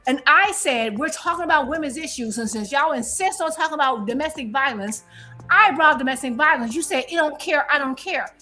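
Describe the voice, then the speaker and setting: A woman's voice: sits high, expressive, fairly quick, sharp tone, soft background music. A woman on a live-stream panel, arguing in a confrontational, defiant way and repeating her points.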